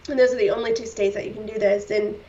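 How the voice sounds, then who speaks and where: Her medium-pitched voice is steady, mellow, and fast as she recounts a painful personal story on a podcast, speaking sincerely with lots of fillers and a brief laugh here and there. The sound is somewhat distant and muffled.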